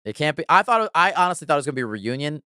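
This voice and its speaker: A man's voice: a little high, sing-song, rapid-fire, pushed and bright, clean tone, no room sound, studio quality. A man hosting a podcast in casual chat, enthusiastic and laughing often, with frequent swearing. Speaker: podcast host.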